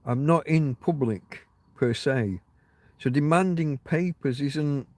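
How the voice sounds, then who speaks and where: Outdoors on private land, a livestream host chats casually, spinning rambling, wry stories full of profanity. His voice is on the high side and he takes his time, with no echo in the recording.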